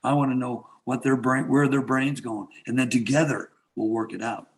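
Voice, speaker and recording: A man's voice: mid-range voice, steady tone, normal speed. A Canadian man in his sixties, a martial arts instructor, talking casually as an interview guest, rambling with lots of fillers and restarts.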